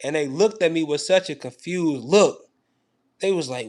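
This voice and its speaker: A man's voice: on the high side, normal speed, darkish tone. A young man, telling a story in a casual, rambling monologue and often asking "you know what I'm saying". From United States. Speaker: commentary host.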